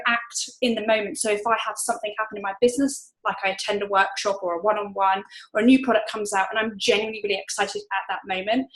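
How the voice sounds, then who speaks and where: A woman's voice: on the high side, rough recording. A woman chatting casually at home, upbeat and full of fillers, giving business advice. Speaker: interviewee, network marketer. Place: home room.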